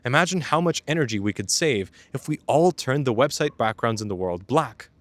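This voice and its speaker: A man's voice: medium pitch, expressive, brisk, no echo. A young man narrating a scripted video essay as its host, mixing storytelling with wry, casual joking asides. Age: young adult.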